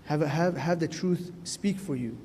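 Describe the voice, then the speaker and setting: A man's voice: a little high, unhurried, darkish tone. Give me an earnest male priest preaching casually in a church hall with a long echo. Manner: earnest and conversational, often asks "right?". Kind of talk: sermon to a youth gathering. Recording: echoey church hall, faint noise.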